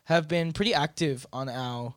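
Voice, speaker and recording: A man with a fairly high voice co-hosts a relaxed podcast. He rambles, fills pauses with ums and breaks into giggles. The sound is dry and close to the mic. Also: dry recording. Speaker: podcast co-host. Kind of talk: casual chat.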